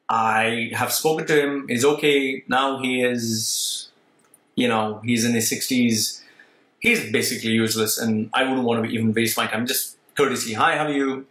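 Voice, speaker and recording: A man's voice: mid-range voice, fairly bright tone. A middle-aged man speaking bluntly and emphatically straight to his viewers, often repeating himself. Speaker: vlogger. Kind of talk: candid monologue to viewers. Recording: roomy echo.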